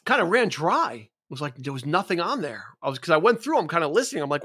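A man with a somewhat high voice talks at length on a casual music podcast. He is enthusiastic and rambling, with plenty of fillers and restarts as he works through his thoughts. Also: big pitch swings, fast talker, hardly any pauses, bright, forceful tone, husky. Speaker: podcast co-host.

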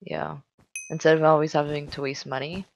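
A young woman chatting casually while gaming, giggly and teasing with excitable exclamations. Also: low voice, moderate pace, creaky, slight background noise, poor audio. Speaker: gamer.

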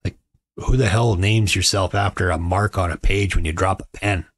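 A middle-aged man tells stories in a relaxed, joking way, his voice sitting low. The sound is close and dry, with no room echo, as if recorded at home. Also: moderate pace. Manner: wry, joking, conversational. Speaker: podcast host. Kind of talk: casual storytelling monologue.

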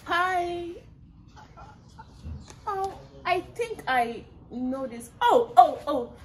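An actress with a Nigerian accent playing a quick-tempered, proud young woman who mocks and shouts with contempt. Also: very high-pitched, expressive, a little hiss or hum, exaggerated voice. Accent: Nigerian English. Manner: contemptuous, mocking, shouting at times. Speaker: actress in a film scene. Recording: film scene with loud background music.

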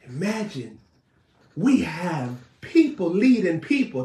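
A man preaching a fiery sermon, shouting, scolding and mocking his listeners. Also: very high voice, animated, a little slow. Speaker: prophet preacher. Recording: echoey room, voice far from mic.

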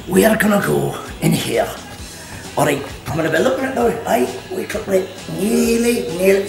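A man's voice: high voice, vocal fry. Jokey man hosting a cooking show. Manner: chatty, joking, sipping whisky between steps. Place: kitchen at an activity centre. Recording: echoey room, mic at a distance, music behind.

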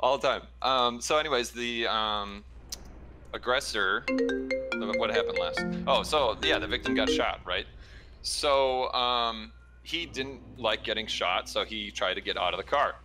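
A man's voice: lowish voice, a little slow, faint music behind. A man who works as an ER trauma nurse, chatting casually and telling a story with many fillers. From Chicago area. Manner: relaxed storytelling with fillers and laughs. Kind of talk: casual chat.

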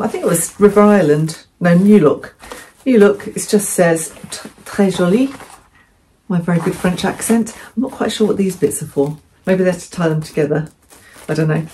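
Chatty English woman, lower voice. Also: warm tone, slight background noise. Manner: chatty, rambling, self-correcting. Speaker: vlogger. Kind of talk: casual haul vlog.

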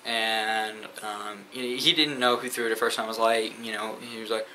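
A teenage boy, a sophomore in high school, telling school stories in a rambling, profane way with many fillers. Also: steady tone, normal speed, bright, forceful tone, slight background noise, low-quality recording. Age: teens. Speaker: vlogger. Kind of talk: casual storytime rant.

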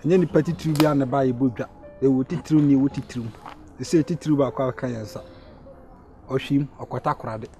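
A man's voice: medium pitch, quick pace, warm tone, faint music behind. A man with a Ghanaian accent playing a senior student who gives orders to juniors. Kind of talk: comedy skit acting.

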